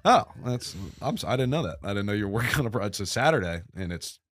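Lively young man. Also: lowish voice, fast talker, no room sound. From Brooklyn, New York. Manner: rambling, self-mocking, swears freely. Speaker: podcast host. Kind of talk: casual comedic storytelling.

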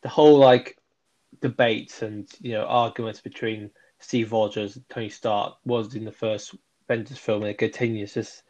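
A man's voice: fairly low pitch, fairly even intonation, moderate pace, a little mellow, dull audio. Hesitant man in casual podcast chat. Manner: hesitant, many fillers, agreeable. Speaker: podcast co-host.

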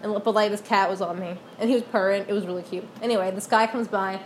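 A woman's voice: medium pitch, steady tone, fast, slight background noise. A young woman telling a rambling story in casual chat, with lots of fillers and giggles.

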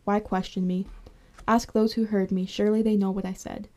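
A woman voicing Jesus, a calm grown man on trial, in a measured scripture reading. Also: medium pitch, close to an everyday voice.

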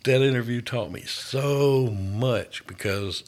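A man's voice: medium pitch, takes it slowly. A man hosting a podcast interview in an easygoing, enthusiastic way, often saying "man". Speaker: podcast host. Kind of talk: casual interview chat.

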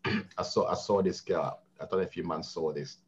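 A man telling stories as a podcast co-host, animated and slangy. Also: deep voice, a little fast, highs cut off, a little hiss or hum. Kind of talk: casual storytelling.

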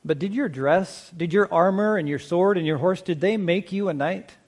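Measured, slightly high-voiced male pastor. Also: darkish tone. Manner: measured, slows to stress key points; conversational, asks the congregation questions. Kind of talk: sermon.

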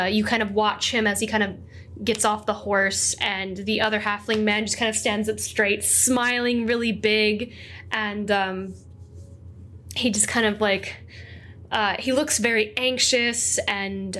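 A woman's voice: medium pitch, fairly bright tone. A woman narrating a tabletop game as game master, rambling with many fillers.

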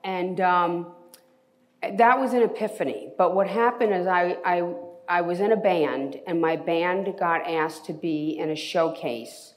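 Woman, interview guest, animated storyteller, casual and blunt, acts out voices. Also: lowish voice, unhurried. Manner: lively, animated storyteller acting out quotes; casual, swears freely. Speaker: entertainment lawyer.

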